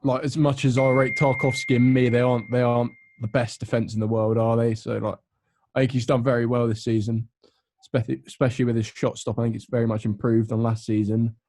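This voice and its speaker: A man's voice: mid-range voice, level tone, brisk, a little mellow. Young man explaining football picks. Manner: earnest, explains at length with fillers. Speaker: co-host. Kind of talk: casual football chat.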